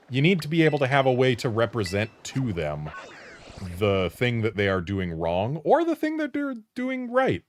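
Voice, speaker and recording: Low-voiced American streamer, animated delivery, chatty and rambling. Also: male voice, normal speed, slight background noise. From United States. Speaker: video game streamer. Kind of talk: casual gameplay commentary.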